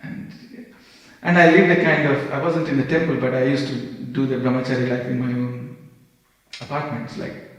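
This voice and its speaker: A man's voice: medium pitch, moderate pace. A man giving a storytelling sermon in a temple, acting out the voices in his stories as he goes. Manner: animated storytelling, acts out quoted dialogue. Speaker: speaker giving a class. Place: temple hall. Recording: echoey temple hall with long reverb.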